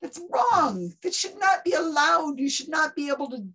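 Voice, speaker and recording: A woman talking casually in an interview, animated and quick to act out other people's voices as she tells a story. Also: high-pitched. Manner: animated, acts out quoted voices mid-story. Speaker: guest skeptic of psychics. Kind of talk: conversational interview.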